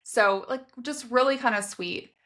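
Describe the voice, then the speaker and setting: A woman's voice: fairly high pitch, a little slow, a bit bright. A woman co-hosting a podcast who chats casually about a romance novel, with plenty of "like" fillers. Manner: chatty, lots of "like" fillers. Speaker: podcast co-host. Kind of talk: casual book discussion.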